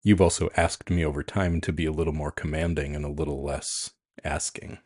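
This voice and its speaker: A man with a very deep, husky voice speaks in a calm, frank and reflective way in a relaxed podcast chat. The sound is dry and close, with no room around it. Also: brisk, no room sound. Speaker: podcast co-host, coach. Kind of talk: casual chat.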